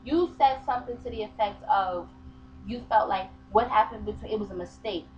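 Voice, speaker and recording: A woman's voice: medium pitch, a little fast. A woman chatting in a casual vlog, heated and passionate as she argues her point. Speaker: vlogger. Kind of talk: casual opinion chat. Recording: dull lo-fi webcam sound with faint hiss.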